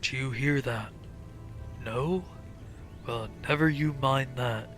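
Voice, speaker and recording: A man's voice: mid-range voice, slow, fairly bright tone, soft background music, voice pushed down. A man voicing a rambling, half-mad old male quartermaster in a fantasy game. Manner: rambling, talks to himself.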